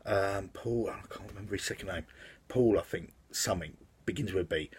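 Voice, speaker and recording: A man's voice: low-pitched, brisk, breathy edge. A man casually reviewing a film in his vlog, rambling with lots of fillers and restarts. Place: outside the house.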